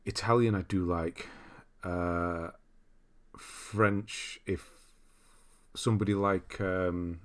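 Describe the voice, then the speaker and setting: A man's voice: sits low, fairly even intonation, slow. A young British man hosting a casual livestream, chatting loosely, reading out viewer comments and laughing often. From Britain. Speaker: livestream host.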